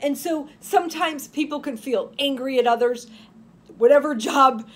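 A woman's voice: sits high, moderate pace. A woman in her fifties, a nurse and author, reading her novel aloud dramatically and chatting between chapters. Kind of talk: audiobook narration and podcast chat.

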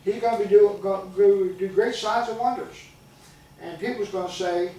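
An older man preaches a sermon in a church sanctuary, his high-pitched, mellow voice moving at a moderate pace. He tells folksy stories and calls out to his congregation, captured in an echoey recording from far off.

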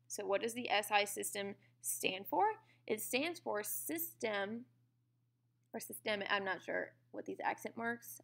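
A woman's voice: on the high side, vocal fry, fairly bright tone. A woman teaching a science lesson in a conversational way, often checking in with "okay?" and "all right?". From United States. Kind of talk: classroom lecture.

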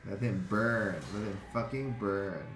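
A man giving live reaction commentary on an anime, excitable and swearing freely as he exclaims at the screen. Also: on the low side, unhurried, a little hiss or hum. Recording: echoey room with faint music.

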